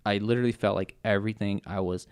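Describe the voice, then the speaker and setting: Earnest, halting man with a low smooth voice. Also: steady tone. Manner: halting and earnest, with many restarts and "like" fillers. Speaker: guest sharing his testimony. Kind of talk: personal testimony in a podcast interview.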